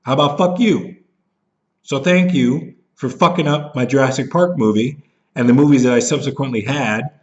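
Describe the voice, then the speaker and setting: A man's voice: medium pitch, normal speed. Angry ranting man, slightly dull recording. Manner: bitter, profane, jumps into mocking voices when he is upset. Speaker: vlogger. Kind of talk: angry rant to camera.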